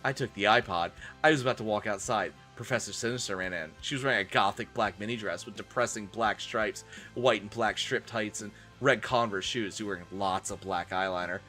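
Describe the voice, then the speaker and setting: Male streamer, mock-dramatic reading, crisp bright tone, wry asides. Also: on the low side, a little fast, faint music behind.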